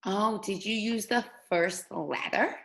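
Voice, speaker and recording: A woman teacher leading a guided reading lesson for young children, speaking slowly and patiently. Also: mid-range voice, low-quality recording. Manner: slow, patient, sing-song teacher voice.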